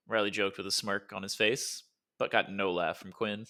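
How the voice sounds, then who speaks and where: A man narrating an adventure audiobook in a steady storytelling manner. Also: lowish voice, moderate pace. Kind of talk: scripted narration.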